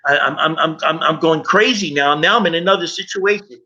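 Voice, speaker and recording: Bright-voiced middle-aged man, earnest testimony. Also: on the high side, brisk, few pauses, lo-fi sound. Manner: earnest, speaks directly to listeners. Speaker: speaker sharing his recovery story. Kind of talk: personal testimony talk.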